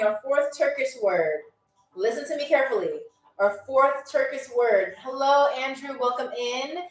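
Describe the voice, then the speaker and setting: A playful woman hosts a live trivia game for her viewers. Her voice sits a little high and she speaks at an unhurried pace. She is heard from a distance in an echoey room, with faint music behind her. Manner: chatty, playful, repeats foreign words slowly for viewers. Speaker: game show host.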